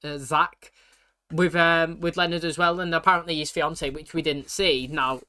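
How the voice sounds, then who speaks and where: A British man talking fast and casually, full of slang and fillers, reacting to a TV episode for his channel. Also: on the high side, fairly even intonation, sharp tone, smooth.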